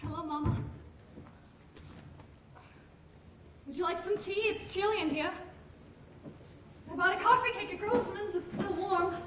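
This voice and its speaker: A woman's voice: very high voice, normal speed, pushed and bright. An actress playing a childlike, anxious grown woman who talks earnestly and stammers when upset. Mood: gentle. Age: adult. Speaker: grandmother's grown daughter. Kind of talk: film drama acting. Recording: roomy, distant film sound, faint noise.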